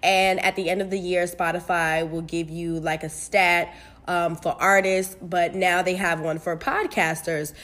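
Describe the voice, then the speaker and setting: A young woman from the United States hosting her own podcast, talking casually and candidly, swearing freely and getting animated. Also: on the low side, a little slow. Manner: candid, profane, animated with bursts of laughter. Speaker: podcast host. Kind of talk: casual solo podcast chat.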